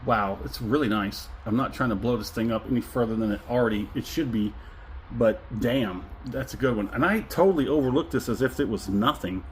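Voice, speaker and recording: A middle-aged man reviews a whiskey in a relaxed, casual way, his voice sitting at an ordinary pitch. He talks with effusive delight, savoring each sip and humming and chuckling along. Faint room ambience lies behind him. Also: a little fast, a little hiss or hum, low-quality recording.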